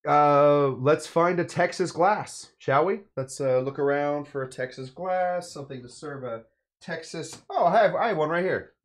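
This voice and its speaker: A man's voice: a little high, moderate pace. A man from California hosting a casual cocktail-making video, talking in a rambling, jokey way with playful asides. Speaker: cocktail show host.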